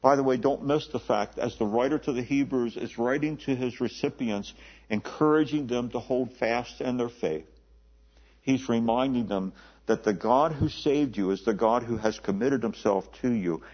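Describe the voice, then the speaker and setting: A man preaching a sermon in a conversational way, often repeating words and slowing down to stress the scripture he quotes. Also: mid-range voice, slightly rough. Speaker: pastor. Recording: dull lo-fi recording.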